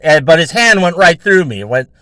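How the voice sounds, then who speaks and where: Man, show host, slightly high voice, dry sound, rambling casual story, lots of swearing and fillers. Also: big pitch swings, moderate pace, sharp tone, no room sound.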